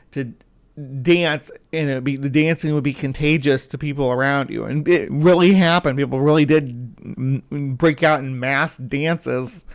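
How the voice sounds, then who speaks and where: A man hosting a live show, arguing casually with a video as it plays. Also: medium pitch. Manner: argumentative, talks back to the clip. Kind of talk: casual live-stream chat.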